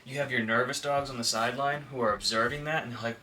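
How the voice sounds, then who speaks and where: A man who trains dogs talks to the camera fast and with hardly any pauses, his medium-pitched voice fairly even in intonation and bright and forceful in tone. He's conversational and heavy on filler words, now and then acting out quotes from dogs and owners. He's recorded far from the mic, with slight background noise.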